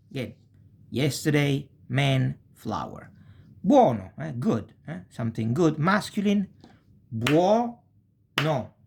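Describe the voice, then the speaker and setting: A man teaching a language lesson, speaking slowly and deliberately and often checking in with "eh?". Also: mid-range voice, creaky, slight background noise. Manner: slow and deliberate, frequent checking tags like "eh?". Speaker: Italian teacher.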